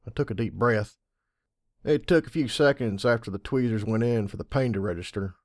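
A man reads a story aloud in a measured, wry voice. His voice sits at a middle pitch and is recorded close and dry, with no room echo. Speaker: audiobook reader. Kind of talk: reading fan fiction aloud.

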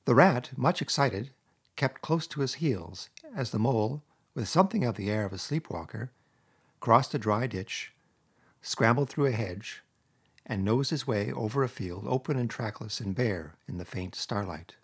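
A man narrating a classic storybook in a measured, expressive reading. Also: mid-range voice, slightly rough. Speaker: audiobook narrator.

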